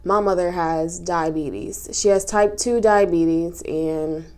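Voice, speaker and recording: A woman's voice: lowish voice, steady tone, slow, a little mellow, smooth. A woman chatting casually as she recaps a reality show, emotional and sniffling through tears, with lots of fillers and restarts. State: tearful, sniffling. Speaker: recap vlogger.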